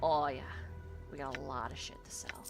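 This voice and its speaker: A woman's voice: rumbling low, little pitch movement, moderate pace, gravelly. A woman casually commentating her own video game playthrough, muttering and swearing lightly as she plays. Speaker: gaming channel host. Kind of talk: let's play commentary. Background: game music.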